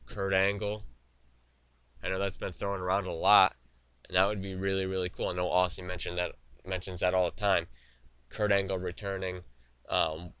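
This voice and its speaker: A man's voice: low-pitched, pushed and bright, clean tone, no echo. A young man hosting a wrestling talk show, giving his opinions in a rambling, opinionated way with frequent fillers and restarts, recorded in a studio. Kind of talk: solo opinion commentary.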